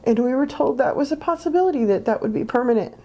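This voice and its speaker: A woman's voice: high-pitched, animated, fast, warm tone. A woman in a documentary interview, plainly recounting what happened and quoting herself.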